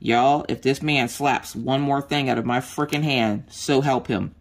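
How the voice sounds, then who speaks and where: With a rumbling low, unhurried voice, a female craft vlogger chats as she makes things. She acts out the different voices in her story animatedly and drops in a bit of mild swearing.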